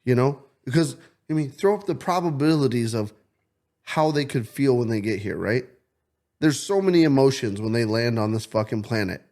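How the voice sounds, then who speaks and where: A man co-hosting a podcast, telling stories in excitable casual chat and swearing often. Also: medium pitch, normal speed. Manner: excitable storyteller, swears a lot. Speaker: podcast co-host.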